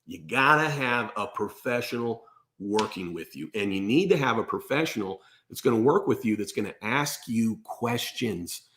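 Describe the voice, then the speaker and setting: A man's voice: medium pitch, a bit bright. A man giving tax advice straight to the camera, emphatic and blunt, often checking in with "okay?". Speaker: host and accountant.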